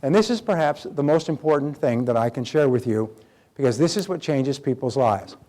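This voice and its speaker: An older man delivers a live self-help seminar in a mid-pitched voice. He tells stories with animated energy and briefly takes on the voices of the people he quotes. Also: moderate pace. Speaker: motivational seminar speaker.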